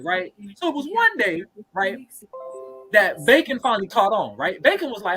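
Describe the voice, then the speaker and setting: Animated, foul-mouthed man telling a story. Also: high-pitched, fairly quick, soft background music, low-quality recording. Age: 30s. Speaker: podcast co-host. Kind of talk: casual storytelling chat.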